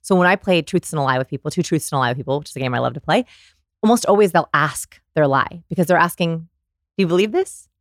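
Animated woman explaining with a dry close sound. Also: low-pitched, fast, no room sound. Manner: animated storyteller, demonstrates voices. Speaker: guest, communication researcher. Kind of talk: conversational explaining.

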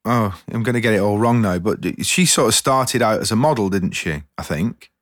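A man's voice: on the low side, lively intonation, moderate pace. A man hosting a podcast in a casual, jokey, rambling way, sometimes poking fun at himself. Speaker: podcast host.

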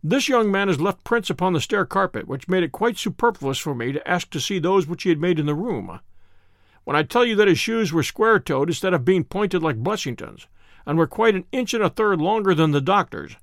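A man voicing a confident, analytical male detective who speaks in a measured, precise way. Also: high-pitched, animated, vocal fry, no room sound, clean studio sound. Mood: assured.

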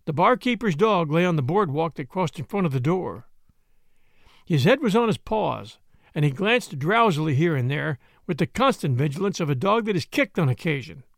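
A man reading a story aloud in an expressive, varied narration. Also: a little high, moderate pace, vocal fry, no room sound, studio quality.

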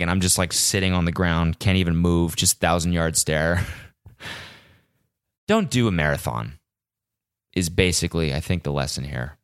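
A young man from California hosting a casual solo podcast, animated and profane, mimicking the voices of others as he tells a story. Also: low voice. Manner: animated, swears a lot, mimics cheering voices. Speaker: podcast host.

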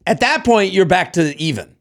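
A man's voice: high voice, expressive, normal speed. A man co-hosting a podcast, reading a listener's story aloud in casual chat, playful and laughing often. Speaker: podcast co-host.

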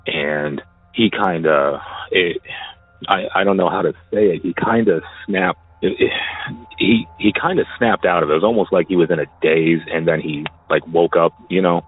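A man casually telling a personal story, halting and often repeating his words as he goes. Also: low voice, fairly even intonation, slightly rough. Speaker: caller sharing a personal story. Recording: tinny phone line, dry.

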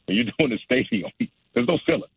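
A man's voice: mid-range voice, lively intonation, fairly quick, gravelly, husky, no room sound. A young adult man, a stand-up comedian, chatting casually and rambling with many restarts and laughs. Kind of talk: casual phone interview. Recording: dry phone line.

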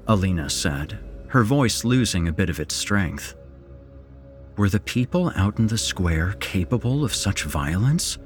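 A man narrating a horror story in a measured, dramatic storytelling manner, as host of a podcast. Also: on the low side, animated, faint music behind.

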